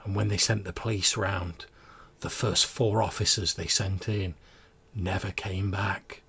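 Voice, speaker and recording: A man's voice: sits low, level tone, a little slow, gravelly, bright, forceful tone, slightly rough, heavily acted. A man voicing a teenage boy who dramatically tells a spooky ghost story to his friends. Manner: dramatic storyteller, building suspense.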